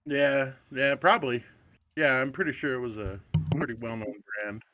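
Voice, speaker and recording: A man's voice: medium pitch, moderate pace. Guy on a stream call, muffled lo-fi mic, faint hiss, keys clicking, lots of uhs. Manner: hesitant, lots of uh and like. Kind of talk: casual chat.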